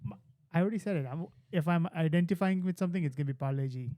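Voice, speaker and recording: A man's voice: on the high side, rapid-fire, mellow. A man co-hosting a casual podcast, telling dad jokes in a matter-of-fact way. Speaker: podcast co-host. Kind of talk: casual chat.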